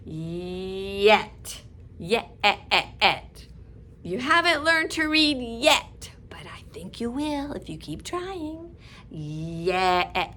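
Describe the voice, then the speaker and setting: A woman teaching a phonics lesson to small children, speaking slowly and drawing out each vowel sound for them to repeat. Her pitch swings up and down with lots of life. A faint hiss sits behind her voice. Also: fairly bright tone. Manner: slow, drawn-out sounds repeated for children to copy. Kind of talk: early reading phonics lesson for young children.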